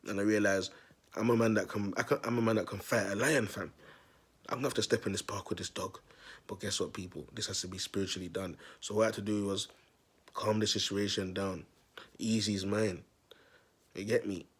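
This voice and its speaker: A man tells a long, rambling story straight to his viewers. His voice sits low and sounds rough and husky. He talks in street slang, repeats phrases and keeps asking if they get him. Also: steady tone, fairly quick. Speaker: self-styled prophet vlogger.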